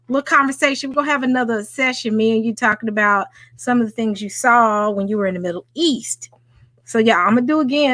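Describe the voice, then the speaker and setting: A woman with a Southern US accent hosts a late-night livestream in an animated, chatty way, though she is tired after a day of work. Her voice sits fairly high and has a bright, lively tone. It is recorded close and dry on a home microphone. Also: no echo. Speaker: livestream host. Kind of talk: casual livestream chat.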